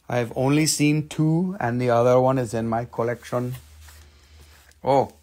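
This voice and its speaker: The voice is gravelly and slightly mellow: a middle-aged live-stream crystal seller chatting casually as he displays stones and names prices. Playful and talkative, he keeps jumping into squeaky, high joke voices.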